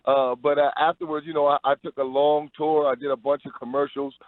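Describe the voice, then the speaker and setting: A man's voice: fairly high pitch, little pitch movement, brisk, no echo. A man, a pro basketball player, giving an upbeat radio interview over the phone, stumbling into restarts as he talks. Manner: upbeat, promotional, with repeated restarts. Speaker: Harlem Globetrotters player, guest. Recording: tinny phone line.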